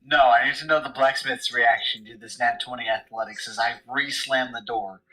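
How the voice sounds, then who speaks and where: Bright-voiced man bantering as a player. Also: medium pitch, steady tone, moderate pace, poor audio. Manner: dramatic, exasperated banter. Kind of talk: casual tabletop game chat.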